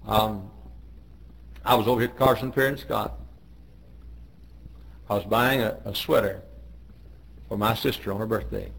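A man's voice: lowish voice, a little slow, vocal fry, long pauses, fairly bright tone, breathy edge, rough recording. A middle-aged man, a pastor, telling joking stories in a folksy way on a radio devotional. He raises his voice when he quotes people.

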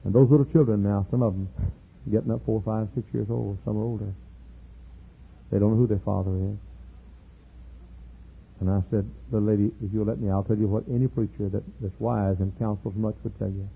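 Gravelly middle-aged preacher on tinny tape. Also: male voice, lowish voice, level tone, brisk. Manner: earnest, builds to loud emphatic peaks, repeats words. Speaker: pastor. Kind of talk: sermon storytelling.

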